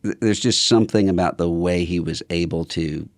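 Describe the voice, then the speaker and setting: An older man, a podcast guest, telling stories in a thoughtful, measured way. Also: low-pitched, no echo, clean studio sound. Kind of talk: casual conversation.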